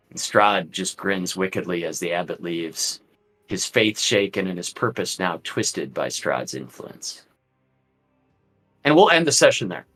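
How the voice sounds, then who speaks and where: A man's voice: low voice, lively intonation, moderate pace, pushed and bright, soft background music, rough recording. A man narrating a tabletop game as game master, in a loose, filler-heavy way.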